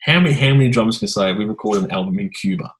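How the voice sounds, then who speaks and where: Low-voiced man telling stories. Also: very fast, poor audio. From Australia. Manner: rambling anecdotal storyteller, animated. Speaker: podcast host. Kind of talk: casual interview chat.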